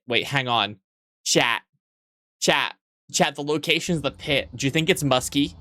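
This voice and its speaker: A man's voice: mid-range voice, sharp tone, no room sound, clean studio sound. A man live-streaming and joking crudely with his chat, sleep-deprived yet weirdly awake, in a playful teasing manner.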